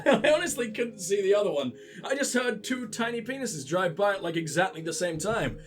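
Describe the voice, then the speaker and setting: A sick man with a headset, mocking the game in sweary let's play commentary and laughing at his own jokes. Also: high-pitched. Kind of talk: casual gameplay commentary.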